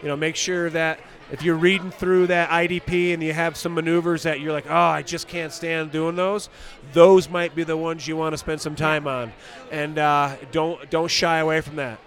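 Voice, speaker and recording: A man's voice: fairly high pitch, level tone, moderate pace, few pauses. A man who coaches skiing, talking practically and encouragingly in an outdoor interview. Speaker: ski coach and exam selector.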